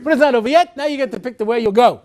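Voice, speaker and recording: A man in his sixties giving a humorous lecture as a rabbi, telling wry, animated stories with comic voices. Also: extremely high pitch, very fast.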